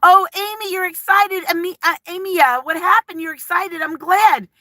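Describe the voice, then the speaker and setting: Chatty woman streamer, nervous and emotional, rambles between viewer comments; bright edge to the voice. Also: extremely high pitch, moderate pace, no echo. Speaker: livestream vlogger. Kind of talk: casual live-chat talk.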